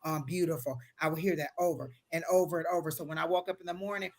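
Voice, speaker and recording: A woman's voice: on the low side, steady tone, rapid-fire. A woman giving psychic readings to viewers on a live stream, talking in an earnest, repetitive, motivational way with casual phrasing. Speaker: tarot and psychic reader.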